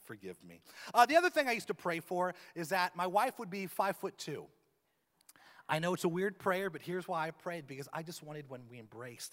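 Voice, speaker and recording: A man's voice: high voice, a bit bright. A man in his thirties, a pastor, preaching a sermon in a church with a humorous, self-deprecating manner. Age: 30s. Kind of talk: sermon with opening prayer. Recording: long reverb of a large church hall.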